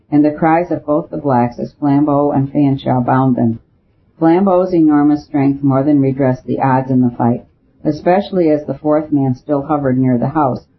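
A man reading an audiobook as narrator, with a steady, even storytelling delivery. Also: a little high. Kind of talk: scripted narration. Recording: tinny phone-like audio.

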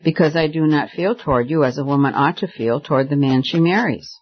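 Guy reading as a calm young woman turning someone down flat, a bit higher voice, kinda lo-fi audio. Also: close to an everyday voice. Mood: firm. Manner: measured, firm refusals. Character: young woman, composed, firm singer. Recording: slightly dull lo-fi recording.

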